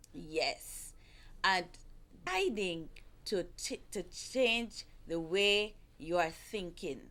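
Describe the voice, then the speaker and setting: A woman hosting a family talk show, earnestly coaching couples on how to speak to each other. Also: medium pitch. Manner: earnest, gentle, repeats herself while coaching. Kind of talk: casual advice talk.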